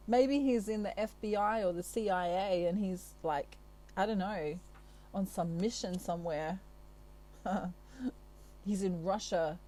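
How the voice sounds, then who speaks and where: A woman's voice: mid-range voice, slow, pauses often, warm tone. Aussie lady tarot reader, chatty and giggly, takes her time talking, faint hum behind her. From Australia. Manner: chatty, giggly, playful asides. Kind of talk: casual chat to camera.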